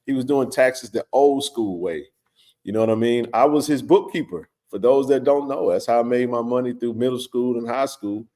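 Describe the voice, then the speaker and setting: A man hosting a live stream, telling a personal story in a loose, animated way with lots of fillers and restarts. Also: mid-range voice, moderate pace. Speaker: livestream host. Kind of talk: casual storytelling to a live chat.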